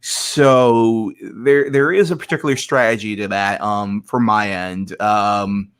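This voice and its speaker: A man's voice: lowish voice, fairly even intonation, slow, clear, resonant tone. A man, a guest on a casual podcast interview, talking hesitantly with many restarts and filler sounds. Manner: hesitant, restarts often, frequent ums.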